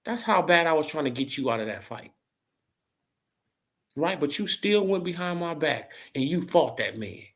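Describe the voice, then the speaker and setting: Brief: man doing a vindictive fight-game manager, taunting, swinging from low growls to high jeers. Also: big pitch swings, moderate pace, fairly bright tone. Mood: scolding. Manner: taunting, scolding, rhetorical questions. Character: controlling, spiteful male boxing manager.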